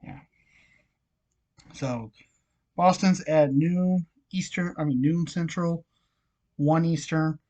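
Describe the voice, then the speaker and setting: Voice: medium pitch, fairly even intonation, takes it slowly, long pauses, a little mellow, highs cut off. A hockey vlogger with a frog in the throat and a nagging cough, casually running through scores, odds and picks with lots of fillers. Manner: chatty, many fillers, reads scores and odds. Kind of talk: casual sports picks rundown.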